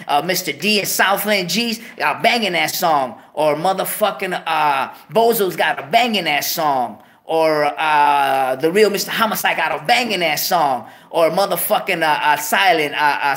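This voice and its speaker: A man's voice: fairly high pitch, pushed and bright. A man hosting his own show, ranting heatedly, swearing constantly and repeating himself. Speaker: host. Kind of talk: profane monologue rant.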